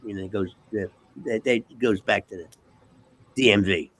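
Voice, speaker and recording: A man telling a profane, animated story as an interview guest, acting out the dialogue. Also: lowish voice, normal speed, slightly rough. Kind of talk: casual storytelling.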